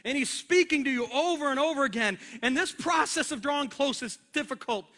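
Man, pastor, sermon, very high voice, animated, church stage microphone. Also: fairly quick. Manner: animated, acts out scenes with a helper on stage. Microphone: handheld or stage microphone.

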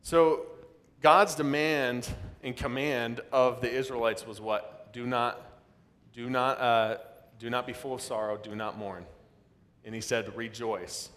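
A male pastor giving a sermon, dropping low for emphasis and breaking into loud, dramatic quoted voices. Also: steady tone, unhurried. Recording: long reverb of a large hall.

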